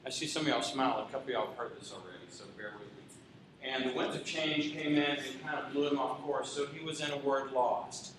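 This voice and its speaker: A man's voice: mid-range voice, brisk, background noise. A man with a Texan accent gives a folksy, joking presentation about school technology to an audience. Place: large echoey hall. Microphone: handheld mic after a distant start. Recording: echoey hall, distant mic.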